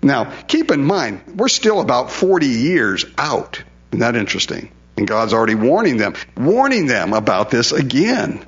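A man's voice: medium pitch, big pitch swings, normal speed. Man teaching scripture conversationally, lo-fi. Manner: conversational, rhetorical questions, paraphrases God in casual speech. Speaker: pastor. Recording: dull lo-fi sound.

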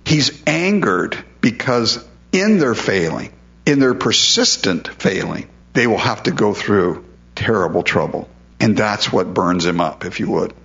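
A man's voice: fairly low pitch, very animated, a little slow, creaky, a bit bright, lo-fi sound. A male pastor preaching a sermon in a conversational way, often repeating words as he stresses a point.

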